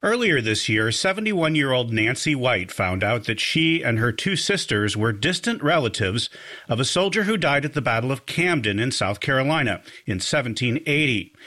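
A man narrating a news report as a correspondent, measured and even. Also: medium pitch.

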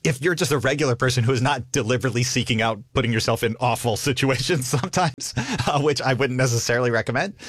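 A man speaking as a comedian guest in an interview, his voice lively and full of pitch swings. He laughs often and acts out little quoted bits of dialogue. The recording is dry and close. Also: no echo. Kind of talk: conversational interview answers.

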